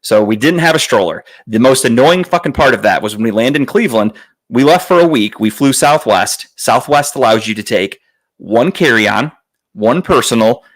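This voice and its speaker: A man's voice: mid-range voice, animated, moderate pace, rough recording. Profane storytelling man, podcast host. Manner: acts out other people's lines in a raised voice. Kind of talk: casual storytelling chat.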